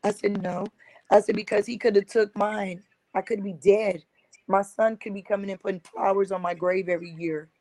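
In a mid-range, a little mellow voice with fairly even intonation and normal speed, a woman recounts her experience of domestic violence as a survivor and advocate. Her telling is earnest and emotional, full of quotes introduced by "I said," though the audio is poor.

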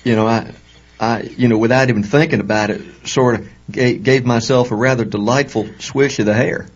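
A man co-hosting a radio talk show, joking in a deadpan, self-mocking way and often repeating words as he goes. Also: mid-range voice, fairly quick, dull audio.

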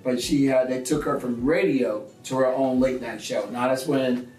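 A man's voice: mid-range voice, normal speed, soft background music. Comedian man telling stories from across a room. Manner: animated storyteller who acts out quoted people. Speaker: comedian guest. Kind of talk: conversational interview storytelling. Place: small theatre. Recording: roomy sound from a distance.

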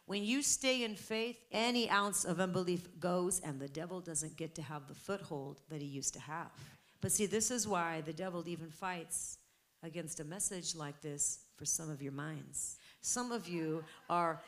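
A woman's voice: fairly low pitch, measured pace, a bit bright. Woman preaching with emphatic fervor. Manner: preaching with rising, emphatic intensity. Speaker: pastor. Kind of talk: sermon.

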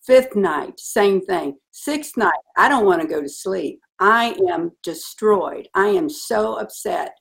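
A middle-aged woman telling a personal story in an interview, earnest and animated. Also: medium pitch, slow pace, creaky, few pauses. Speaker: guest.

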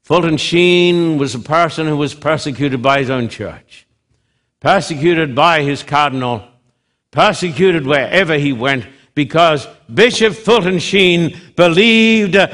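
A man preaches with a slightly high voice, taking his time over each phrase. He builds lines up to loud peaks, then drops to a near hush. His delivery is dramatic and full of repetition. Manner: dramatic, swinging between loud emphasis and hushed drops; slow, deliberate phrasing with repetition. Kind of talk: sermon.

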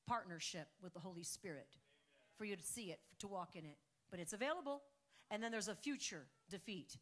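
Fervent woman preaching with a bright voice. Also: medium pitch. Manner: fervent preaching, swings from soaring exclamations to hushed intensity. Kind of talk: sermon.

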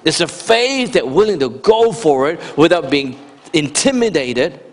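A man preaching a sermon, animated and conversational, rising to shouts for emphasis and talking directly to the congregation. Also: on the high side, unhurried, a little hiss or hum. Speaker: pastor. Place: church sanctuary. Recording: long reverb of a church hall.

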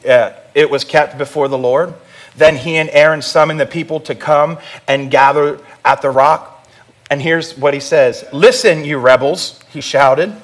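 Man, pastor, sermon, conversational preaching, somewhat high voice. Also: fairly bright tone. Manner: conversational preaching with audience prompts.

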